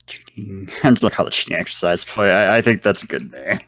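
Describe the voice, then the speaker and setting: Man, voice student, slightly low pitch, slow and hesitant, dry close sound. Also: expressive, a bit bright, dry recording. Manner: hesitant, searching for words, laughs easily. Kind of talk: reviewing lesson notes.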